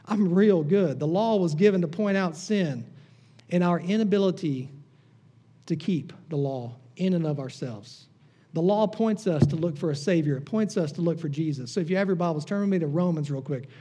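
A pastor delivers a sermon in a high, mellow voice. He is conversational and teasing with the congregation. He drops soft and hushed when he prays. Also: lively intonation, normal speed, slightly rough.

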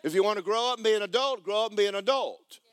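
A man preaching a sermon as pastor in a church, animated and emphatic with folksy humor. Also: sits high, racing, clean tone, dry recording. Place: church sanctuary.

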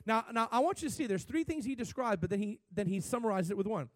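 A man preaching a sermon as pastor, talking animatedly, with sudden swells in pitch and loudness. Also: expressive, fast talker, few pauses, no echo.

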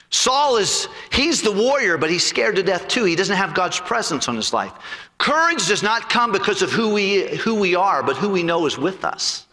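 Animated, bright-voiced preacher. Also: male voice, high voice, big-room sound. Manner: animated, repeats words while retelling. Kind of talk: storytelling sermon.

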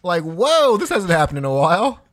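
A man's voice: sits high, sing-song, normal speed, a bit bright. A man co-hosting a podcast in casual banter, laughing and swearing as he stretches out his jokes. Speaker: podcast co-host.

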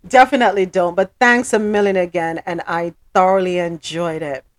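A woman's voice: lowish voice, measured pace, dry recording. Chatty woman host, dry close sound. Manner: chatty, laughs often, reads news with asides. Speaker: podcast host. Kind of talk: casual chat and news reading.

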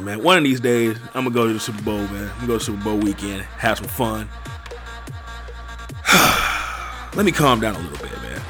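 A man hosting a sports podcast, hyping up the listeners in a slangy, excitable way and tossing "man" and "y'all" into nearly every line. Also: mid-range voice. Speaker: podcast host. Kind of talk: hyped-up solo podcast intro.

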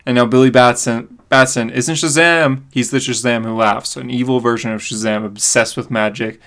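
A man's voice: mid-range voice, fairly even intonation, normal speed, a bit bright. A man co-hosting a podcast, casually recapping a comic book story with enthusiasm and frequent fillers. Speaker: podcast co-host.

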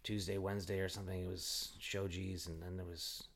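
A man in his forties tells stories from his past in a loose, chatty way. He acts out what people said and swings his voice up and down with the telling. His voice sits a little on the low side. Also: fairly quick. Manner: animated storyteller who acts out quotes. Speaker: guest. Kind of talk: casual reminiscing chat.

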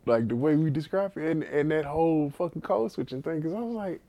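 Male podcast co-host, casual and profane, lively swinging pitch, slightly high voice. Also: a little fast. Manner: profane, animated storytelling with bursts of laughter. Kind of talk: casual chat.

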